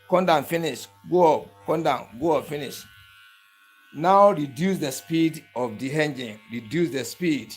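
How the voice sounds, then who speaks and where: Instructor man, a touch high-pitched, patient step-by-step demo that checks in with the viewer constantly. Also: expressive, unhurried. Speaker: barber tool instructor. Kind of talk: hands-on tutorial demonstration.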